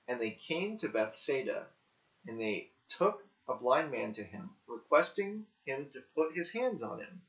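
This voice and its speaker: A man reading scripture aloud slowly and carefully, in simple language for learners. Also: medium pitch, sing-song, a bit bright. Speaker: scripture reader. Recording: dull lo-fi recording.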